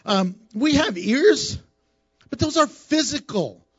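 A man preaching from a church pulpit, his high voice swooping up and down as he teases the congregation. The sound is dry and a little dull. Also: takes it slowly, slightly rough, no echo. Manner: animated, teasing, playful with the congregation. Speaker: pastor. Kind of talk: sermon. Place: church sanctuary.

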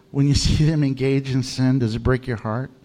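A man's voice: mid-range voice, steady tone, normal speed, dark tone. An American male pastor preaching a humorous sermon, telling stories with animation and laughing at his own jokes. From United States.

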